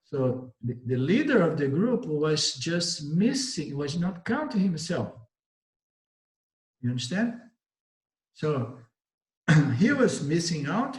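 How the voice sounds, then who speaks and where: A man with a Brazilian Portuguese accent gives a spiritual teaching talk, telling stories, repeating and rephrasing himself and acting out the voices of the people in them. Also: fairly high pitch. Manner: storytelling, repeats and rephrases, acts out voices in the story. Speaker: Vedanta teacher. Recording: roomy echo.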